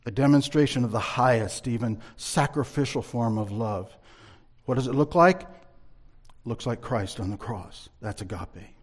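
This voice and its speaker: A man teaching a Bible lesson in a sermon style, measured and emphatic, reading scripture aloud between explanations. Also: medium pitch, breathy edge.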